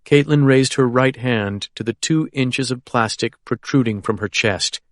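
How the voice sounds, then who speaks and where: A man's voice: mid-range voice, measured pace, dry recording, studio quality. Man narrating a thriller audiobook.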